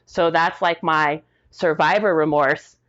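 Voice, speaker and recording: A middle-aged woman veteran telling stories casually in an interview, animated and slangy, acting out the voices of the people she quotes. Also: sits low, slow pace, highs cut off. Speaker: military veteran guest.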